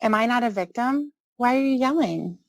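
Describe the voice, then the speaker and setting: A woman arguing back in a firm, sharp, profane way. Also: on the high side, expressive, moderate pace, no room sound, rough recording. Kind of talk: heated argument.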